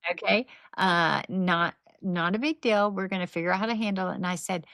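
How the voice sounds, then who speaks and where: A middle-aged woman guest telling lively, faith-based stories and acting out what people said in casual conversation. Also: lowish voice, fairly quick, no echo. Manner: animated, faith-based storytelling with acted-out quotes. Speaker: podcast guest, nonprofit founder. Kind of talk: conversational storytelling.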